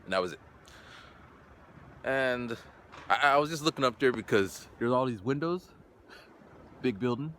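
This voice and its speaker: A man in his forties telling a story in a casual vlog, animated, and acting out sounds and voices. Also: normal speed, pauses often, slight background noise. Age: 40s. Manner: animated, acts out sounds and voices with big pitch jumps. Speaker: English teacher in Japan.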